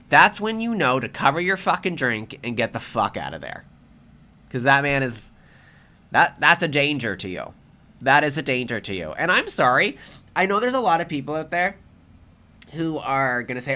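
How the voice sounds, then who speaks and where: A man's voice: fairly high pitch, big pitch swings, normal speed, pushed and bright. A man giving angry, profane reaction commentary in a heated ranting manner. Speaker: commentary vlogger.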